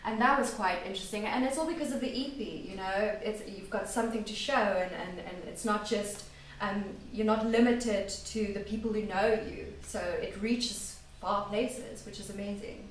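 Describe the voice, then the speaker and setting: A woman's voice: medium pitch, normal speed, few pauses. A woman vocalist being interviewed, chatting and telling stories with a giggly, talkative manner. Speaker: band vocalist guest. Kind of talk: casual interview chat. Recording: roomy distant mic, faint noise.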